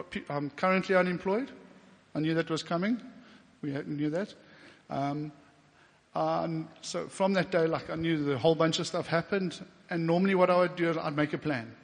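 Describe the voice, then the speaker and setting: South African man preaching in a reverberant church. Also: on the high side. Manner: emotional, getting teary at times; conversational with fillers and quoted inner speech. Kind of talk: personal testimony sermon. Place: church hall.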